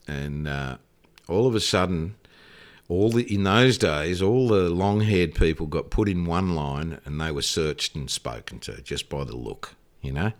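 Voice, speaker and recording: A man's voice: deep voice, measured pace. An older Australian man telling rambling stories in a casual interview, swearing freely as he goes. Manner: rambling, profane, anecdotal. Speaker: guest. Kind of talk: casual storytelling.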